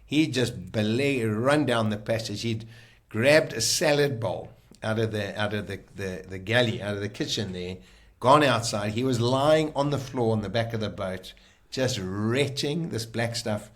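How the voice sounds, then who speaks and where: A male podcast guest, his voice on the low side and unhurried, tells a personal story vividly and animatedly. He acts out the lines people said along the way.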